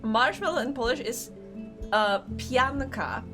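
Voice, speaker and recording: A young woman streaming a game live, chatting casually, excitable and often laughing. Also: a little high, unhurried, over music.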